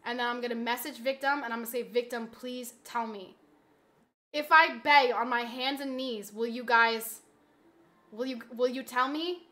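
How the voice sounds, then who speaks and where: A woman streamer in casual live-stream chat, pleading dramatically with her viewers and swinging from soft begging to loud shouting. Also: fairly high pitch, steady tone, normal speed.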